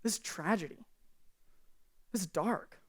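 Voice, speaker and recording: A woman's voice: lowish voice, unhurried, slightly rough. A woman pastor giving a sermon from a church stage, earnest and conversational, speaking candidly to the congregation.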